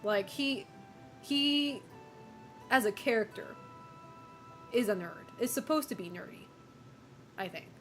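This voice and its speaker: A woman's voice: on the high side, animated, slow, pauses often, faint music behind. A woman streamer chatting casually with viewers, opinionated, swearing and laughing often.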